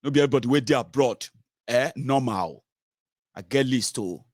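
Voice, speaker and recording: A man's voice: mid-range voice, moderate pace, a little mellow, dry recording, clean studio sound. A man with a Nigerian accent, a political commentator ranting with scorn and repeated mocking labels. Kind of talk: opinion vlog rant.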